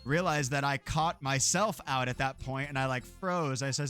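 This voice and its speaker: A man's voice: medium pitch, moderate pace, hardly any pauses, a bit bright, soft background music. A man streaming a game, chatting casually in a rambling, profane way and laughing often. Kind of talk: casual gameplay chat.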